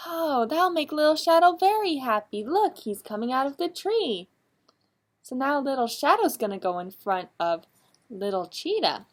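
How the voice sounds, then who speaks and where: A woman librarian reading a picture book aloud at children's story time, asking the young listeners animated, coaxing questions. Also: mid-range voice, measured pace. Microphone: streamed live.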